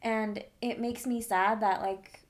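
A woman's voice: on the high side, steady tone, slow. A young adult woman talking in a candid, emphatic way in a casual chat.

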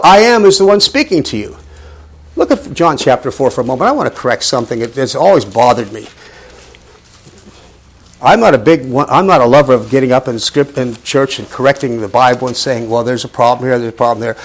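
Animated man teaching a Bible study. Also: fairly high pitch. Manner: animated, emphatic, conversational teaching. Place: church.

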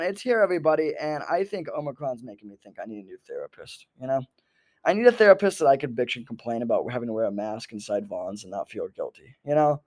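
A man's voice: medium pitch, fast. Profane, rambling male comedian. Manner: profane, animated, jumps between topics. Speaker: podcast host, comedian.

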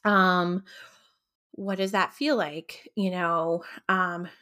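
A woman hosting her own podcast as a coach, talking in a gentle, reflective way with frequent ums. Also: lowish voice, steady tone, extremely slow. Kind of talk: casual solo podcast talk.

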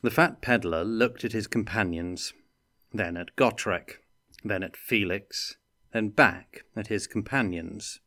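A man reading a fantasy story aloud in a measured, deliberate way. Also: fairly low pitch, sharp tone, dry recording, clean studio sound. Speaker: reader.

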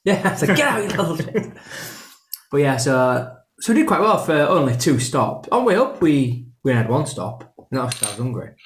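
A man's voice: mid-range voice, big pitch swings, normal speed. A man with a Yorkshire accent co-hosting a podcast, chatting casually in jokey, rambling banter. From Yorkshire, England. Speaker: podcast co-host. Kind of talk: casual chat. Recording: echoey room.

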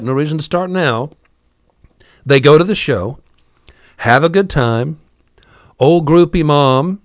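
Male storyteller, wry conversational asides, very lively delivery, mid pitch. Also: no echo. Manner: wry, chatty, asides to the listener. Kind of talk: casual spoken storytelling.

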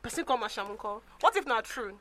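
Animated Nigerian woman, high and lively. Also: fairly quick, no room sound. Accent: Nigerian Pidgin. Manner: animated storytelling, laughing often. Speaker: podcast co-host. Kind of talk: casual chat.

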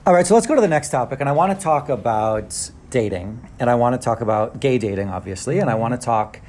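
A man hosting a casual podcast, chatting with an old friend. His voice sits at an ordinary pitch, and he tells stories in a playful, chatty way. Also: lively intonation, quick pace, darkish tone. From United States. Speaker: podcast host. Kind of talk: casual chat.

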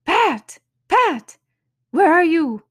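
A woman reading aloud voices an agitated, bossy male rabbit who shouts in a high, shrill voice. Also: steady tone, moderate pace, close to an everyday voice. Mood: angry shouting.

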